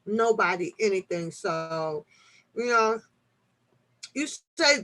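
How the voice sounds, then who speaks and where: A woman hosting a casual live-stream chat, reading news articles aloud and joking back at her viewers, shifting from low mutters to loud laughing outbursts. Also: expressive, a little slow. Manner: chatty, reads articles aloud, jokes with the chat.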